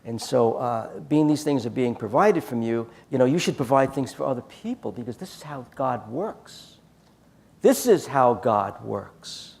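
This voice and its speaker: Gravelly man telling lively stories. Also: medium pitch, moderate pace, hardly any pauses. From United States. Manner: animated anecdotes with quoted dialogue. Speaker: speaker at a church conference. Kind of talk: storytelling talk.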